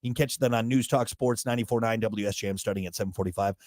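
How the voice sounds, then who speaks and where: A man's voice: fairly low pitch, steady tone, very fast, a little mellow, no echo, studio quality. A man co-hosting a casual morning show, joking and rambling through sports news. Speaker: radio show co-host.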